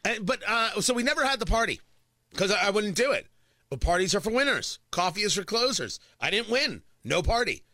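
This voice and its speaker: Emphatic high-voiced radio show host. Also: male voice, very animated, fairly quick, bright, forceful tone, no room sound, studio quality. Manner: emphatic, repetitive, sarcastic asides. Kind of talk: opinionated morning radio monologue. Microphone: studio microphone.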